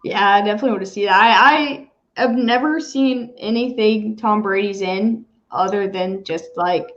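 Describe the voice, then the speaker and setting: A woman co-hosting a casual sports chat, animated, swearing freely and laughing often. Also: mid-range voice, moderate pace. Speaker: podcast co-host. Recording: dull lo-fi sound.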